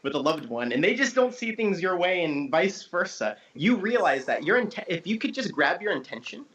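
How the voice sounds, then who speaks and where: A man in a casual conversation, explaining ideas as a guest teacher in an animated way and acting out tones of voice. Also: sits high, moderate pace. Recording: dull lo-fi audio.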